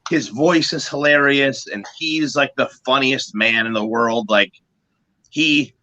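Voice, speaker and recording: A man with a bright, forward voice tells band stories in a loose, animated way. He swears freely and backs up to restart sentences as he goes, pitched in an ordinary middle range. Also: measured pace, dull audio. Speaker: guest musician. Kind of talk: casual storytelling.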